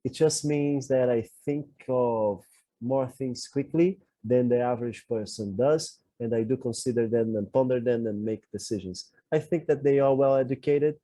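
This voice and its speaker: A man's voice: mid-range voice, normal speed, mellow, no room sound. A man co-hosting a podcast, telling a personal story in an earnest, self-reflective way. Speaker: podcast co-host. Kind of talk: candid conversational podcast talk.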